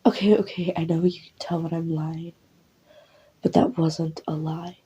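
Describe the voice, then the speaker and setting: A woman's voice: sits low, flat delivery, normal speed, dark tone, slightly rough. A woman voicing a stubborn, mocking younger sister who swears a lot in an audio role-play. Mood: pleading.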